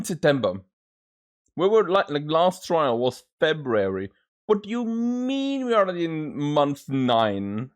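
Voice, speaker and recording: A man's voice: fairly high pitch, a little mellow. A man hosting a casual let's-play, rambling with lots of filler words. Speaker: gaming channel host.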